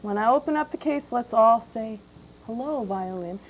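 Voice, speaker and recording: A woman giving a music lesson to young children in a classroom, patient and gentle, asking them questions. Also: a little high, normal speed, a little hiss or hum, rough recording. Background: banjo playing.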